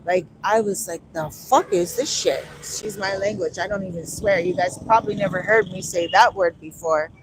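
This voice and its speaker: A woman's voice: mid-range voice, a little fast, few pauses, background noise. A woman vlogging in casual chat outdoors on a street, recorded on a phone, telling stories animatedly and acting out the back-and-forth. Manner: animated storytelling, acting out quoted exchanges.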